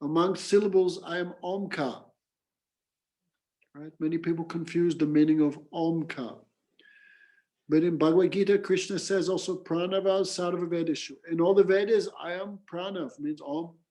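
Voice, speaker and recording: A man with a somewhat high voice teaches a scripture class. He explains patiently in simple words. His teaching is woven with stories and bursts of chanted mantras. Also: steady tone, moderate pace, warm tone. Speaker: spiritual teacher.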